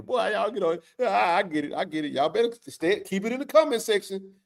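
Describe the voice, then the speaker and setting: A man, hosting a sports livestream. He rants in a fiery, preachy way, and his high voice swings widely in pitch. He hammers his points home by repeating them. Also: expressive, brisk, creaky. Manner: fiery, preachy, colloquial, repeats himself for emphasis. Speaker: host of a college football show. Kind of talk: animated livestream rant.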